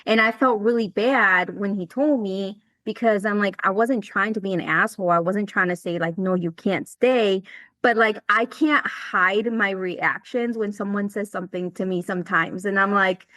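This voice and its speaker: A woman of mid pitch co-hosting a podcast, telling a story as she acts out each line of the dialogue. She swears in passing. The sound is dry and close. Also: normal speed, hardly any pauses, fairly bright tone, no echo. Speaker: podcast co-host. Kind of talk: casual chat.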